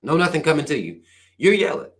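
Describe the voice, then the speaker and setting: Guy going off on a livestream, cussing and preaching, voice a bit high and bouncing all over. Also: fast. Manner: animated, profane, preachy, fires questions at listeners. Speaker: channel host reading viewer comments. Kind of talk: livestream rant.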